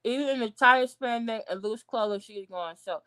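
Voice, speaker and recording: A woman vlogger giving casual livestream commentary, blunt, outraged and profane, with sudden high outbursts. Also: brisk, a bit bright, clear, resonant tone.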